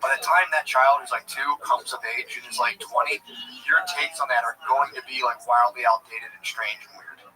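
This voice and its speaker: A man's voice: medium pitch, steady tone, brisk, distant mic, a crowd in the background, rough recording. A man co-hosting a podcast in casual chat, rambling and swearing, often mimicking other people. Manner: rambling, profane, mocks others by imitation. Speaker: podcast co-host.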